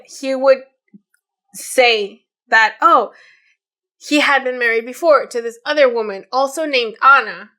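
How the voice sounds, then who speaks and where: A woman's voice: on the high side, bright, forceful tone. A woman in her late twenties, co-hosting a podcast and retelling a story in casual chat, with many fillers and quoted voices. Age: 20s. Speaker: podcast co-host.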